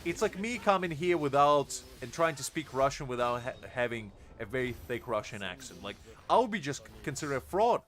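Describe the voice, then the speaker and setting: A man's voice: medium pitch, big pitch swings, fairly quick, few pauses, fairly bright tone. A tired man streamer in casual live-stream chat, joking and answering his chat. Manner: jokey, laughs often, reads chat aloud. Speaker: game streamer.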